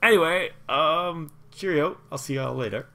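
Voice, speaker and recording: A man's voice: a little high, moderate pace, gravelly, sharp tone, pitched above the performer's own voice. A man voicing an eager, nervous little male halfling courier who rambles and is overly polite. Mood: chirpy.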